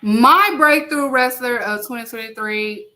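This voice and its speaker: A woman's voice: fairly high pitch, measured pace, pushed and bright. A woman co-hosting a wrestling podcast, blunt and teasing, pushing to get her turn to talk. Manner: blunt, teasing, talks over others. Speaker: podcast co-host. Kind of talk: casual wrestling chat.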